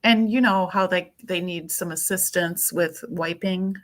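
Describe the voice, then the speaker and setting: A woman's voice: lowish voice, a little slow. A woman hosting a casual chat, telling family stories and laughing often.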